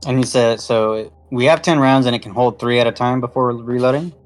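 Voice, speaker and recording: A man's voice: medium pitch, fairly even intonation, brisk, soft background music. A man talking casually as game master of an online tabletop game, asking players questions and taking notes. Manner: practical, note-taking, asks players questions. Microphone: online voice chat.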